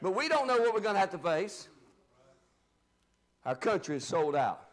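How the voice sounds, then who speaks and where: A man preaches a fiery sermon from the pulpit. His voice sits very high for a man. He shouts his main points and falls to low, muttered asides in between. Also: sing-song, moderate pace. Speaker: pastor.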